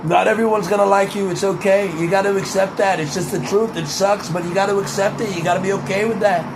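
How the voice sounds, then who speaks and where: Young man, casual monologue, playful, high-pitched. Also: steady tone, fast talker, noisy background. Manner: playful, drifts into pep talk. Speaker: vlogger.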